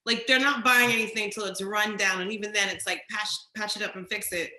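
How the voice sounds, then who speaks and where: A woman's voice: mid-range voice, fairly even intonation, a little fast, pushed and bright, echoey room. A woman interviewing a guest in a chatty, loose way, full of casual fillers.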